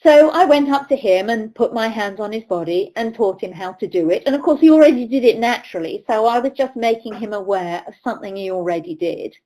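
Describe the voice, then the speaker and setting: A woman's voice: fairly high pitch, expressive, a little fast, few pauses, dark tone, poor audio. A middle-aged woman from the UK, a riding coach giving a webinar lecture, telling anecdotes and acting out the voices of people she quotes. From United Kingdom. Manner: storytelling, acts out quoted voices.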